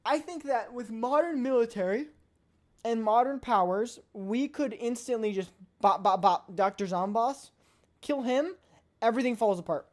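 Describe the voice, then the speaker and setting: A woman's voice: on the high side, normal speed, darkish tone. Blunt, emphatic woman streamer. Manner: emphatic, playfully blunt, repeats points. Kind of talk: casual live-stream chat.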